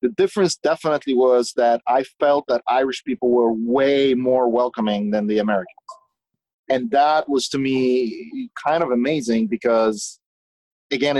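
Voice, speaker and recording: A man telling stories as a guest in a casual conversation, animated and talkative, often restarting his sentences. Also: medium pitch, no room sound, low-quality recording. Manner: swears casually. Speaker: guest, business owner.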